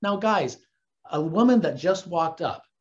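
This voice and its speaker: A man's voice: sits high, expressive, a little slow, muffled recording. Earnest man coaching listeners on dating. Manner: earnest, keeps addressing listeners as guys and gentlemen. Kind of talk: casual advice commentary.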